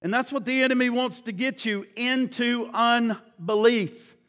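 High-pitched guy preaching hard in a church, keeps quizzing the crowd, big hall echo. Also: fairly even intonation, moderate pace, fairly bright tone. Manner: fervent, quizzes the congregation with questions. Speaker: pastor. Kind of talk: sermon. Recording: long hall reverb.

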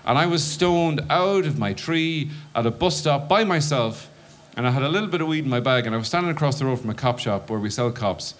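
A man's voice: mid-range voice, animated, brisk. An Irish man doing stand-up, telling a story and acting out his own panicked inner voice. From Ireland. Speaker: stand-up comedian.

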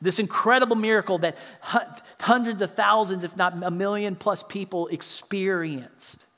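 High-voiced preacher man in a reverberant hall. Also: fairly even intonation, normal speed, fairly bright tone. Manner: earnest preaching with many restarts and repeated words. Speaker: pastor. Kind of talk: sermon.

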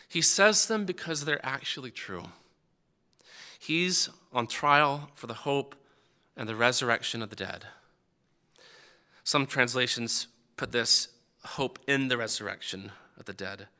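A man delivering a sermon in a very bright, forceful voice that sits a little high. He talks conversationally and often stammers and restarts his sentences. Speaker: preacher.

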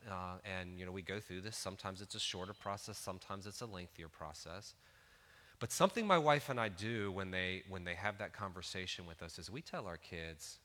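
A man's voice: fairly low pitch, animated, a little fast, bright, forceful tone, big-room sound. A man in his thirties preaching a sermon in an earnest, conversational way, building to emphatic peaks. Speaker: pastor.

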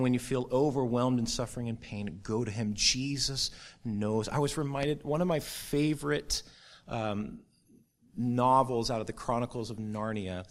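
A middle-aged man preaching a sermon to his church, earnest and building to a forceful, rising close. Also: mid-range voice. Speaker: pastor.

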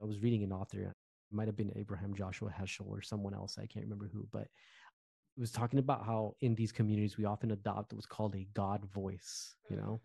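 A man from New Jersey in his thirties, a former pastor co-hosting a podcast in animated casual talk. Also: fairly low pitch, quick pace, gravelly, husky, no echo. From Newark, New Jersey. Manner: animated, conversational, fillers like "you know".

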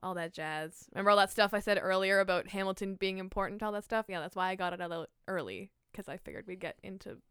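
Swearing, excitable young woman podcaster. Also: medium pitch, fast, few pauses, clean tone, no room sound, clean studio sound. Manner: excited, swears a lot, laughs often. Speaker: podcast co-host. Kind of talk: casual chat.

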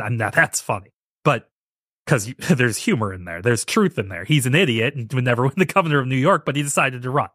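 A man's voice: mid-range voice, a bit bright, no room sound, clean studio sound. A man hosting a podcast, giving sarcastic commentary and mocking impressions in a casual, ranting way. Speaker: podcast host.

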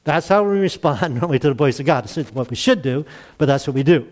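A man's voice: on the high side, fast talker. Folksy man preaching a sermon. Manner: folksy, animated, acts out quoted voices with chuckles. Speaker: pastor. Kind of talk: sermon retelling a Bible story.

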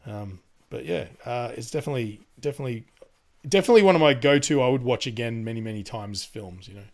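A man's voice: medium pitch, animated, fast, a little mellow. A man in casual podcast chat, rambling with lots of fillers, laughing and swearing as he talks. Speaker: podcast co-host.

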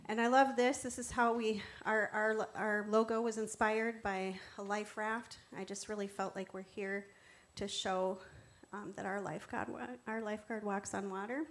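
Talking through her slides, a woman who co-founded a church gives an earnest personal testimony of faith, alternating between hushed reverence and lively warmth. She speaks at normal speed in a medium pitch, with few pauses.

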